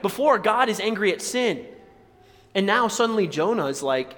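A male pastor preaching a sermon, animated, jumping from loud exclamations to hushed, near-whispered lines. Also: high-pitched, moderate pace, big-room sound.

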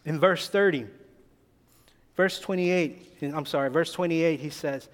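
A man's voice: on the high side, a little slow, big-room sound. A male preacher giving a sermon in an emphatic way, rising to pleading bursts.

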